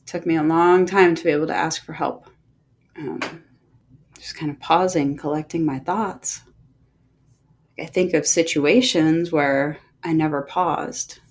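A middle-aged woman hosting a podcast, speaking slowly and gently with heartfelt encouragement and many pauses. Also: low-pitched, fairly even intonation. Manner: gentle, slow and unhurried with pauses. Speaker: podcast host and movement coach. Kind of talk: reflective podcast monologue.

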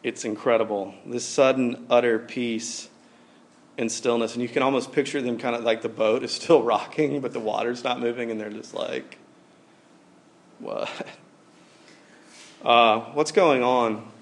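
A man in his forties preaching a sermon in a casual, animated way, with lots of fillers as he tells stories. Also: medium pitch, normal speed. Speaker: pastor. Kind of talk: conversational sermon.

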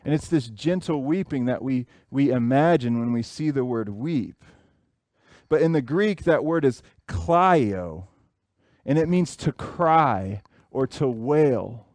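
A man's voice: mid-range voice, animated, slow, a little mellow, no room sound. A man in his thirties preaching a sermon, earnest and repeating phrases for emphasis. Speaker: pastor.

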